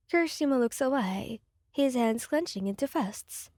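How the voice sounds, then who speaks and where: Woman narrator for a sad ASMR fan story; quiet, mellow, close and dry. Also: high voice, lively intonation, normal speed, no echo.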